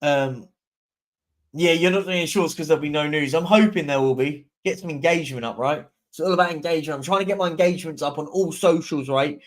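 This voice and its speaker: A man's voice: fairly high pitch, fairly quick. A young man hosting a live stream, chatting casually and answering viewer comments as they come in. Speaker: livestream host.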